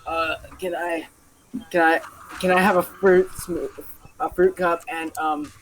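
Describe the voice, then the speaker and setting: A young man voicing a drunk, rowdy woman who shouts and slurs in a diner. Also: level tone, a little slow, a little hiss or hum, natural voice, rough recording. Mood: slurred. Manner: shrill, slurred, outraged yelling.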